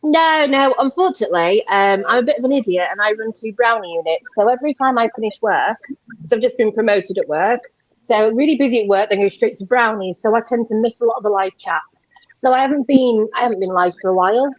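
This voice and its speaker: A woman on a casual live-stream call, chatty and self-deprecating, and a little tipsy. Her voice sits slightly high and sounds dry and muffled, like it is coming through a video call. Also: brisk, no echo. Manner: chatty, self-mocking, laughs often. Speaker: guest.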